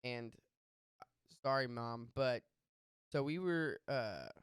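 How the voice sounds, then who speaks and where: A young man hosting a podcast, telling a story in casual chat, animated and profane with quick asides. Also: mid-range voice, clear, resonant tone, no echo, studio quality. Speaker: podcast host.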